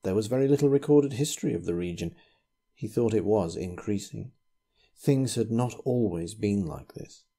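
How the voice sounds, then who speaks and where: A man reading a ghost story aloud in a measured, grave storytelling manner. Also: lowish voice, animated, gravelly, warm tone, slightly rough. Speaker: narrator.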